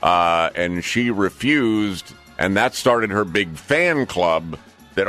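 A man's voice: on the low side, lively intonation, slow pace, fairly bright tone, faint music behind. A man co-hosting a talk radio show, speaking bluntly and opinionatedly in a rambling way with many fillers. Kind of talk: casual talk radio chat.

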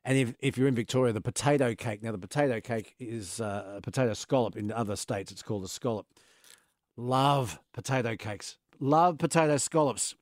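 A man's voice: mid-range voice, a little mellow, no echo, studio quality. Playful Australian male radio host. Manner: playful, enthusiastic, musing aloud. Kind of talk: casual on-air chat.

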